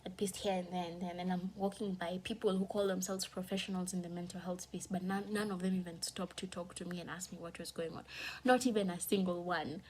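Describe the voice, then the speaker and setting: A woman telling a painful personal story in a candid vlog, fighting back tears, her voice shifting from hushed to heated. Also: on the low side, little pitch movement, fast talker, hardly any pauses, a little hiss or hum. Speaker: vlogger.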